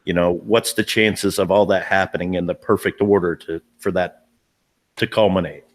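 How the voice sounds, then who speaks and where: A man's voice: low-pitched, fairly even intonation, normal speed. A man, a paranormal investigator, telling a story in a casual live-stream chat, earnest and emphatic, often repeating himself and restarting sentences.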